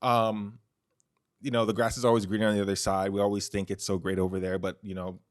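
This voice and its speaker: A man's voice: fairly low pitch, flat delivery, fast, dry recording, clean studio sound. A man hosting his own podcast in a loose, chatty monologue, full of "like" and "you know". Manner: chatty, heavy use of "like" and "you know", restarts. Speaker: podcast host. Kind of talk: casual solo podcast monologue. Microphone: close studio microphone.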